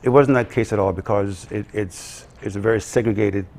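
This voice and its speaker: Low gravelly man, halting. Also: fairly even intonation, a little mellow. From Belize. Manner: halting, many ums and restarts. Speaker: guest, production company co-owner. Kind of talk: live TV morning interview.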